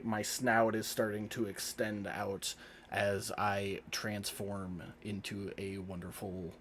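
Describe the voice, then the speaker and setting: Slow, low-voiced man narrating his character. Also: slight background noise. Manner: laid-back, unhurried, loose with fillers. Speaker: tabletop game player. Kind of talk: narrating his character's actions in first person. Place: home streaming setup.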